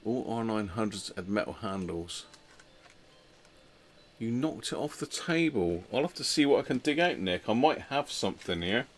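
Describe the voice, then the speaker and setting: A man's voice: fairly low pitch, expressive, moderate pace, a little hiss or hum. A man hosting a radio repair channel, chatting casually with viewers while he works and thinking aloud with trailing fillers.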